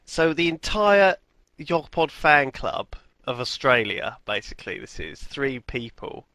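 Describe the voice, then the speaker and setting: A man co-hosting a podcast in casual comedic banter, easygoing and rambling, quick to laugh. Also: mid-range voice, very animated, sharp tone, no echo. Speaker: podcast co-host.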